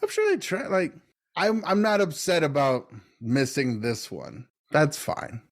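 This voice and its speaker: A man co-hosting a podcast in casual chat, joking around with quick asides. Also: fairly high pitch, big pitch swings. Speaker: podcast co-host.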